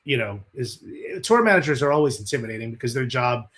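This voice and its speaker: A man's voice: medium pitch, quick pace. A man being interviewed as a guest musician, telling stories casually with lots of swearing and acted-out quotes. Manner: animated, profane, acts out the quotes in his stories.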